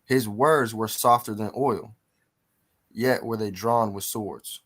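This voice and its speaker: Caller reading verses: low male voice, steady and measured. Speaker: participant reading scripture. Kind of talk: scripture reading.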